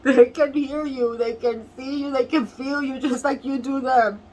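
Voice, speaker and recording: Brief: woman tarot reader, high and slow-spoken, tearful, earnest, soft laughs between lines. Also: fairly even intonation, a little hiss or hum, poor audio. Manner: earnest, repeats phrases. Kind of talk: tarot reading to camera.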